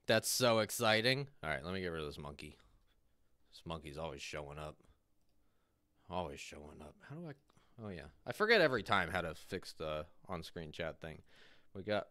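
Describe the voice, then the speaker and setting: A male streamer with a lively voice that leaps up and down in pitch as he greets his chat. He sounds close and dry on a desk mic, with no room around him. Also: moderate pace, dry recording. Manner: animated, greeting chat by name.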